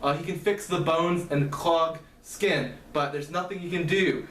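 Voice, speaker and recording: A man retelling the plot of a novel in a halting, casual way, often correcting himself. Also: fairly high pitch, fairly even intonation, fairly bright tone. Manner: halting, frequent fillers and self-corrections. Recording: echoey room, mic at a distance, faint hum.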